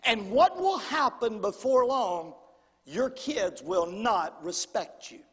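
A middle-aged man preaching a sermon in a folksy, animated way, calling out to the congregation. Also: sits high, slow pace. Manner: folksy, animated preaching with audience call-outs. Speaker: pastor. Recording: long hall reverb, husky voice.

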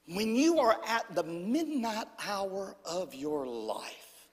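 A man preaching a sermon, swinging from loud declarations down to hushed whispers. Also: high-pitched, big pitch swings, takes it slowly. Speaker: pastor. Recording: long hall reverb.

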